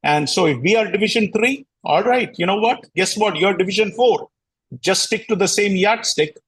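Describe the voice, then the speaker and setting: A combative man hosts a cricket talk show, ranting with plenty of sarcasm and doubling back on his words. His voice sits fairly high and has a husky edge. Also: moderate pace, fairly bright tone, low-quality recording. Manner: combative, sarcastic, repeats himself. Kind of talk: heated casual rant.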